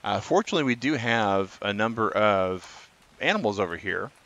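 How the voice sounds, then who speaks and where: Bright-voiced man streaming a game. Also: on the low side, animated, moderate pace, muffled recording. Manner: chatty, reads and answers chat. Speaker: gaming streamer. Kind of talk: live gameplay commentary.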